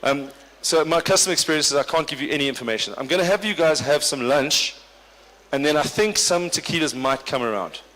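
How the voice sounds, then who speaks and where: Slightly fast and on the high side, with a fairly bright tone, this event MC and comedian bantes drily with the audience at a corporate do. The recording carries the long reverb of the large hall.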